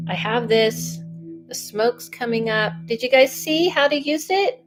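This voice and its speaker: A woman's voice: a little high, measured pace. Chatty woman medium, faint music behind. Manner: chatty and animated, self-interrupting. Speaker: psychic medium doing live readings. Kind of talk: casual livestream chat.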